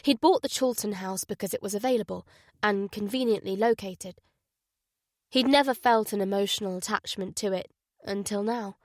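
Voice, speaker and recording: A woman reading a thriller audiobook in an even, measured narration. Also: mid-range voice, no room sound, clean studio sound. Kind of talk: scripted narration.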